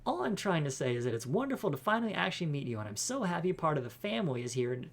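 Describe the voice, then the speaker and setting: A man's voice: fairly high pitch, very animated, quick pace, creaky, voice pushed up, exaggerated voice. A man voicing a cheerful, chatty woman housekeeper who is eager to please, gushing as he goes. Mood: bubbly. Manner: bubbly, gushing.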